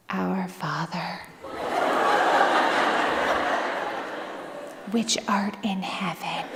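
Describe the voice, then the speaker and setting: A woman with a Minnesota accent telling comic stories to an audience in a lively, animated way, often laughing through her lines. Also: on the high side. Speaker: author speaking at a library event. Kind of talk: humorous live storytelling talk. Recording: reverberant hall with clear background noise.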